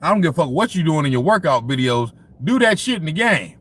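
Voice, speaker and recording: A man's voice: fairly high pitch, very animated, fast talker, fairly bright tone. A man hosting a sports talk livestream, ranting casually with lots of profanity and frequent laughter as he talks to his chat.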